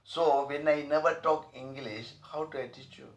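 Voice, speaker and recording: Male spiritual teacher, broken repetitive English, slightly high gravelly voice. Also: fairly even intonation, normal speed, recorded from a distance, muffled recording. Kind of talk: informal spiritual talk. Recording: echoey room, voice off-mic.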